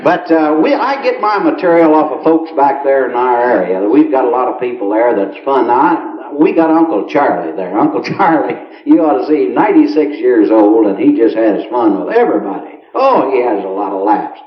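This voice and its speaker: A man's voice: mid-range voice, sing-song, normal speed, hardly any pauses. Folksy guy telling country jokes, chuckles a lot, dull old live tape with a roomy echo. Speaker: country humorist. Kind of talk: stand-up storytelling. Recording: roomy, muffled late-1970s live recording.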